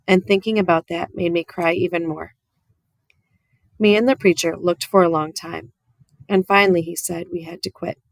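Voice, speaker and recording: Calm woman reading a storybook aloud. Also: fairly low pitch, normal speed, creaky, no echo. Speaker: audiobook reader. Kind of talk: storybook read-aloud narration.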